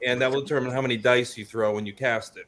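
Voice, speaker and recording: Con panel dude explaining his rpg, mid pitch, keeps coughing, lots of restarts. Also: fairly even intonation, quick pace, noisy background. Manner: talkative, explaining, frequent restarts. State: coughing, slightly choked up. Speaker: tabletop game creator and comic author. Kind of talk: casual convention panel chat.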